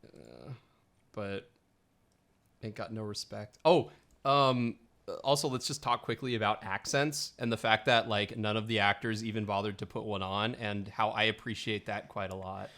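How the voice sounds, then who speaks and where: Bright-voiced, low man chatting casually. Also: moderate pace. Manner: chatty and animated, laughs often, heavy use of "like". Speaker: podcast co-host. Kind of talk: casual film-discussion chat.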